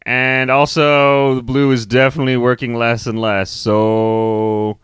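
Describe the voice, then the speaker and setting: A man's voice: medium pitch, unhurried, smooth, no room sound. A man co-hosting a casual movie review podcast, laughing and swearing as he retells scenes. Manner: laughing, profane, animated storytelling. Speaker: podcast co-host.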